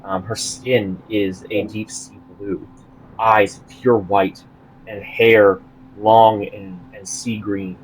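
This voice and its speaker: A man narrating as game master of a tabletop game, halting with many fillers and restarts. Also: lowish voice, little pitch movement, slightly rough, poor audio.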